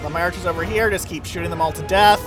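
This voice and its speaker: A man giving casual, excitable commentary over his own gameplay, swearing freely and breaking into silly sing-song chants. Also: high voice, fast. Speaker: video game let's play host. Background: game music.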